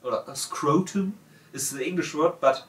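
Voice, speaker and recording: A German man with a German accent, casually reading out viewer comments in halting, self-correcting English. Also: fairly high pitch. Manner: halting, self-correcting, laughs at own words. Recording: roomy sound from a distant mic.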